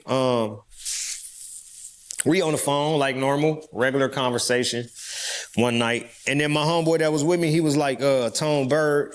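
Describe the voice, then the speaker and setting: A middle-aged man, a guest in an interview, telling a story in a blunt, streetwise way and swearing freely. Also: mid-range voice.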